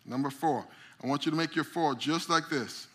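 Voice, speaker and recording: A man's voice: a little high, moderate pace. A middle-aged man teaching a group, acting out little stories with voices as he goes. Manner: animated storyteller, acts out voices. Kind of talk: teaching a memory drawing lesson.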